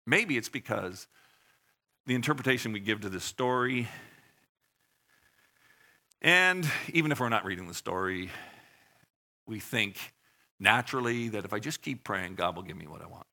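A man's voice: fairly low pitch, animated, normal speed, pauses often, sharp tone. A man preaching a sermon in a conversational way, asking the congregation questions and acting out short voices. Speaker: pastor.

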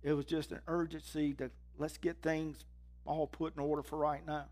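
A man preaching a sermon, reading scripture with rising intensity and dropping low and quiet to drive points home. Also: little pitch movement, moderate pace, soft background music.

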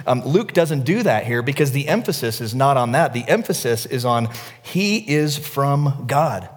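A middle-aged male pastor preaching a sermon, telling stories with energy, dropping to a hush and then rising to near shouts. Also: medium pitch, normal speed, long reverb tail. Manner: storytelling, animated, swings from hushed to near-shouting.

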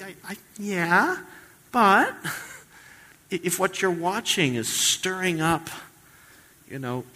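A man's voice: sits high, lively intonation, takes it slowly, pauses often, sharp tone. A male pastor giving a conversational sermon, joking and acting out quoted voices. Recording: long hall reverb.

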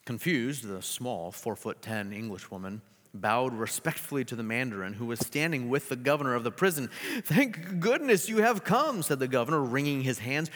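A man preaches a sermon and tells a story with animated delivery and playful asides. His voice sits at a middle pitch. A long reverb rolls through a big hall behind every phrase. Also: brisk. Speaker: pastor.

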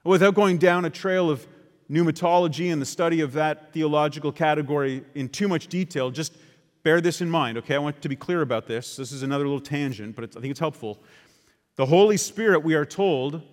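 Male preacher, slightly high voice, emphatic sermon delivery with casual asides, long hall reverb. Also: a little fast. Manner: emphatic, with conversational asides to the congregation.

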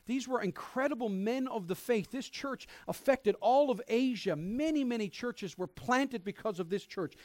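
High-voiced man preaching a sermon. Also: no room sound. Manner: conversational, emphatic preaching with scripture quotes. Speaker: pastor. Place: church.

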